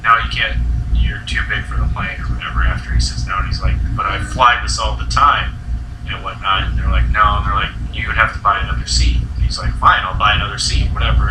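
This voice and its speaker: A man's voice: on the low side, noisy background. Rambling young man in an echoey room. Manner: rambling storyteller, heavy filler words. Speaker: host. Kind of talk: casual chat. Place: friend's house indoors. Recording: echoey room, mic at a distance.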